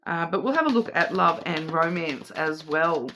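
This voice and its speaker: A woman talks through an intuitive card reading in a casual, wandering way. Her voice is bright and forward. She hesitates, repeats words and restarts her phrases as she goes. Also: deep voice, lively intonation, normal speed, a little hiss or hum. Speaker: tarot and oracle card reader.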